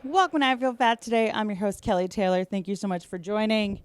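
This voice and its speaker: A woman's voice: medium pitch, fast, smooth, faint music behind. A woman hosting a podcast, chatting casually with many fillers and a little out of breath. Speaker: podcast host.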